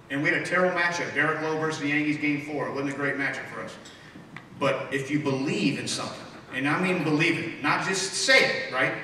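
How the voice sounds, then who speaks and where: A man in his forties, a former baseball player, gives an after-dinner speech in a big banquet hall, telling rambling, animated stories with many restarts and fielding audience questions. His voice is a little high, with slight hiss or hum, heard from afar in an echoey room.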